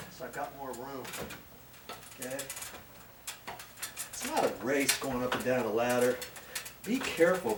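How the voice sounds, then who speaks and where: In a noisy, roomy outdoor recording made from a distance, a mid-range male voice walks viewers through a casual how-to while up a ladder. This DIY host keeps it plain, goes over points again, and asks "okay?" to check in.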